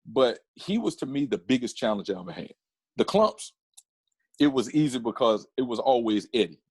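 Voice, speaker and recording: A man talking as a podcast guest, his voice husky and his delivery animated, often restarting mid-sentence. The sound is close and dry, with no room around it. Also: mid-range voice, normal speed, no room sound. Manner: animated storyteller with many restarts. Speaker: podcast guest, comedian and photographer. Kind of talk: casual interview chat.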